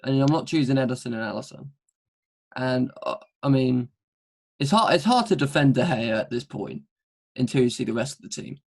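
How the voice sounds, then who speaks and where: Young male host, rough husky voice, cheeky and playful. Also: medium pitch, lively intonation, fairly quick. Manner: teasing, playful, laughs often. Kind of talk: casual football chat.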